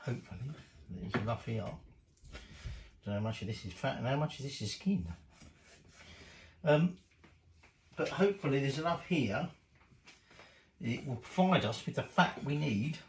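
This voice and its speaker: A man's voice: medium pitch, expressive, moderate pace, creaky, long pauses, roomy sound, slight background noise, poor audio. A middle-aged man, rambling casually and swearing mildly as he cooks in his home kitchen. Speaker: cooking show host. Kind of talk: casual cooking vlog chat.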